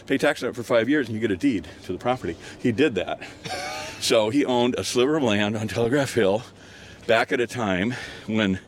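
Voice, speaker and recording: A man's voice: medium pitch, moderate pace, a little hiss or hum. An older man telling a rambling story while walking outdoors on a hillside, full of fillers and restarts. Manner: rambling, many restarts and fillers, laughs often. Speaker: guest storyteller. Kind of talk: casual storytelling on a walk.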